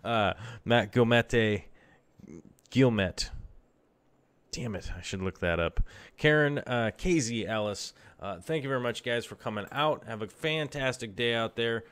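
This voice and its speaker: A man's voice: medium pitch, lively intonation, normal speed, fairly bright tone, clear, resonant tone. A man casually hosting a live stream, rambling in a laid-back way with lots of fillers.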